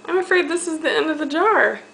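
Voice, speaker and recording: A woman's voice: sits high, creaky, a bit bright, a little hiss or hum. A young woman cooing at her baby in sing-song baby talk while feeding him on a home video camera. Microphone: handheld camera mic.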